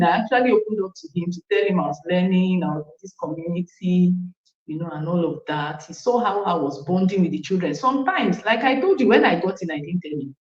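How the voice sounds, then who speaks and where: Nigerian woman, thirties, animated testimony storyteller; roomy, slightly muffled recording. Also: lowish voice, fast. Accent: Nigerian English. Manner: animated storytelling with acted quotes, frequent asides to the coach. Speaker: parent sharing a testimony. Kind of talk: casual personal testimony.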